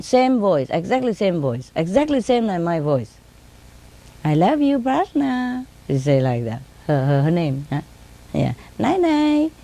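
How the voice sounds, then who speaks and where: A woman telling casual stories in simple, broken English, laughing often and mimicking her birds in high sing-song tones. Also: warm tone. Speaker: speaker telling stories about her pets. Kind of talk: casual storytelling.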